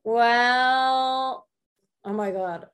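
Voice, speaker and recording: A woman in her thirties, a podcast co-host appearing as a guest in a video-call interview, chats casually and rambles through stories, giggling often. Her voice is a little high and a bit bright, and she speaks extremely slowly.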